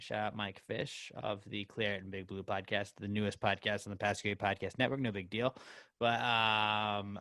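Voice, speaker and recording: Bright-voiced young podcast guy. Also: mid-range voice, no echo. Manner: jokey, bursts into loud silly Pokemon shouts. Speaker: podcast co-host. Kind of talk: casual comedy podcast chat.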